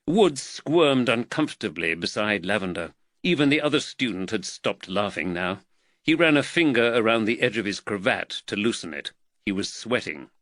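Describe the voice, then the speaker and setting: Bright, lively male narrator. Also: on the low side, normal speed, no echo. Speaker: audiobook narrator. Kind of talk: scripted narration.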